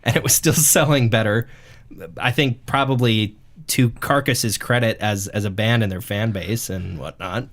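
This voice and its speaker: A man's voice: lowish voice, normal speed, fairly bright tone. A man co-hosting a casual music podcast, rambling and joking with frequent restarts. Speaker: podcast co-host. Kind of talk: casual chat.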